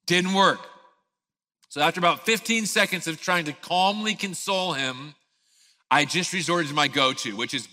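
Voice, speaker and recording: Pastor, thirties, bright lively storyteller, big hall reverb. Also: male voice, fairly high pitch, fairly quick. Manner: animated storyteller, acts out scenes. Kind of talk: sermon with a personal story.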